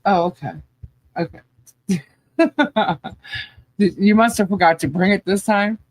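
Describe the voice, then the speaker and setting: A woman's voice: medium pitch, measured pace, no room sound. A woman co-hosting a casual podcast who laughs often and is easily amused. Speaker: podcast co-host.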